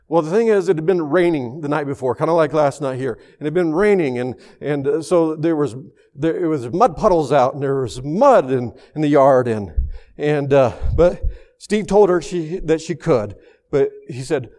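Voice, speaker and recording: A man preaching a sermon, telling a story, who moves from raised, emphatic passages to hushed, soft ones. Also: on the high side, moderate pace.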